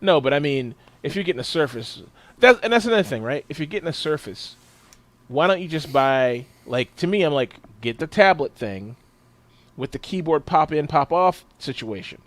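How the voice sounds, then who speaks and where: Ranting, swearing podcast co-host. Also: male voice, a little high, normal speed, dry recording. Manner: animated storyteller, swears often, laughs while ranting. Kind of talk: casual chat.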